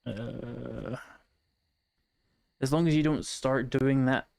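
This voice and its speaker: A Scottish man with slight vocal fry, chatting casually and wryly while streaming a game. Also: mid-range voice, steady tone, takes it slowly, darkish tone, no echo. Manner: chatty, wry, reading chat aloud. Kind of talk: casual gameplay chat.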